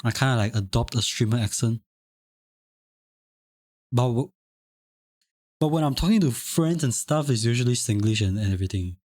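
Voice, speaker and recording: A man's voice: medium pitch, lively intonation, normal speed, long pauses, a little mellow, dry recording, studio quality. A young man from Singapore chatting casually on a live stream, reading chat aloud, rambling and repeating himself. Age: young adult. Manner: rambling, repeats phrases, chuckles often.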